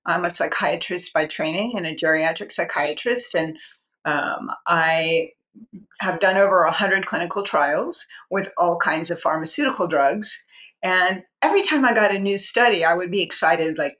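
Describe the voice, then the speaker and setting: A woman's voice: medium pitch, moderate pace, fairly bright tone. A woman in her sixties, a psychiatrist guest on a podcast interview, telling her own story candidly and earnestly. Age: 60s. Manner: candid, earnest, with light laughs.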